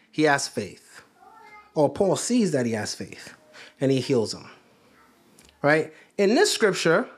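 A man preaching a sermon, asking his listeners questions and repeating phrases for emphasis. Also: on the high side. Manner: conversational, asks the congregation questions. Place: church.

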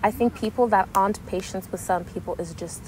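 Animated young woman chatting casually. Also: mid-range voice, fairly quick, noisy background. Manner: animated, acts out quoted voices. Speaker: podcast co-host. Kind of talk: casual chat.

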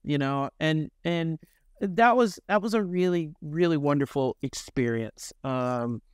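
A middle-aged man from Memphis, telling lively, self-mocking and profane stories as a guest musician in an interview. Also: a little high, a little slow, clean tone, dry recording, studio quality. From Memphis, Tennessee, US. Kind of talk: candid storytelling in an interview.

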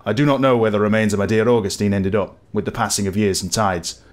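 A man voicing a grizzled old sailor in a game tavern, with a put-on West Country accent and a gruff, brooding way of telling tales. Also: fairly low pitch, fairly even intonation, fast talker, close to an everyday voice. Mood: mournful. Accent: West Country English, put on.

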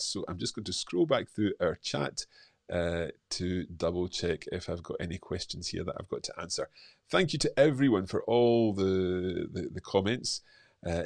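A middle-aged man with a low voice hosts a live stream and chats easily through viewers' comments. He talks in a relaxed way, with plenty of uh and um. The sound is close and dry, with no room around it. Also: no room sound. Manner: relaxed, chatty, with frequent fillers. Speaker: host.

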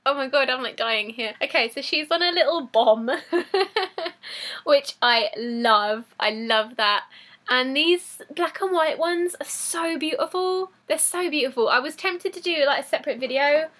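Excitable woman, high and bright, casual unboxing vlogger who gushes and laughs. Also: a little slow. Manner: gushing, excitable, laughs often. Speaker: YouTuber opening fan mail.

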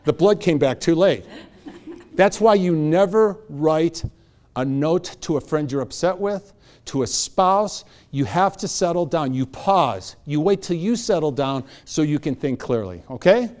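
This middle-aged man's voice is a little high and unhurried as he gives a motivational talk in an event hall. Storytelling is his tool, and he animatedly voices the people in his anecdotes.

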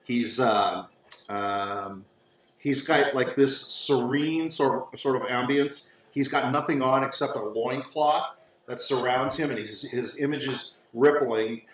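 A man narrating a tabletop game as game master in a casual, halting way with many fillers. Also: medium pitch. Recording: roomy, distant mic, faint noise.

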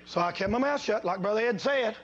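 High-voiced preacher, folksy and fiery. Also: male voice, expressive, highs cut off. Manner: folksy storytelling, swinging from low and quiet to loud, drawn-out preaching. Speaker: pastor. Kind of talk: sermon.

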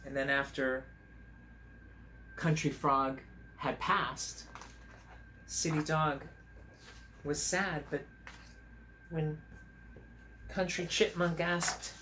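A man, a teacher, reading a picture book aloud to children at home on camera, in a gentle, chatty way, stopping to point out the pictures. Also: a little high, steady tone, extremely slow, pauses often, noisy background.

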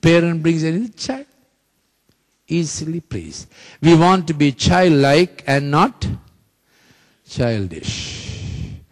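A man's voice: a little high, lively intonation, slow pace. A man preaching a sermon, repeating phrases emphatically and leading the congregation in call-and-response.

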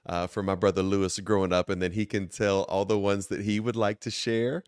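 A man, a bishop, hosting his talk show in an earnest, quick way with many filler words and restarts. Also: on the low side, level tone, clear, resonant tone, dry recording, studio quality. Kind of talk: sermon-like talk show monologue.

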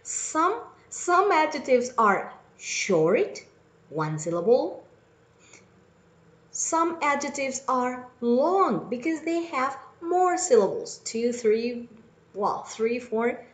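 A woman teacher giving a recorded English lesson for children, speaking slowly and clearly and repeating each word for her pupils. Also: sits high, sing-song. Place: at home. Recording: echoey room.

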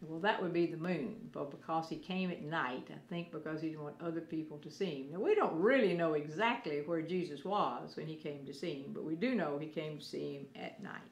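A woman teaching a children's Sunday school lesson, gently explaining things step by step as she talks to children. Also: low voice, brisk, hardly any pauses, reverberant.

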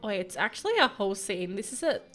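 A woman's voice: medium pitch, sing-song, quick pace, pushed and bright, faint music behind. Giggly, gushing young woman gamer. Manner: gushing, giggly, easily moved. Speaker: gameplay commentator. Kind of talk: casual let's play commentary.

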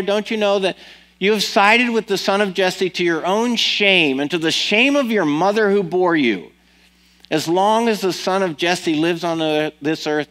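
A man's voice: high-pitched, voice pushed up. A preacher voicing an enraged old king. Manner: shouting, accusing. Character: furious older male king accusing his son.

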